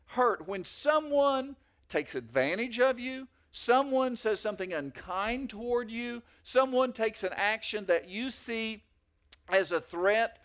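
A man's voice: very high-pitched, animated, slow pace, fairly bright tone. A man giving a sermon as a pastor, talking in a conversational way with fillers and stories. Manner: conversational preaching with anecdotes and fillers.

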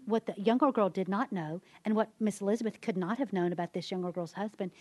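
Woman, ministry speaker, sermon-style testimony, animated storyteller, dry close sound. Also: no echo. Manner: animated storyteller, acting out quotes in a high voice.

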